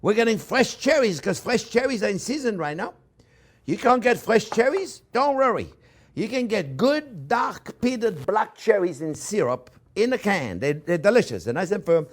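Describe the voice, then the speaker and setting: Male chef, animated sing-song pitch, fairly high voice, effusive, murmurs softly to the food. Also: normal speed. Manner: effusive, croons "oh yeah, baby" to the food; often drops to soft murmurs over the dish. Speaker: cooking show host. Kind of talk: casual cooking demonstration.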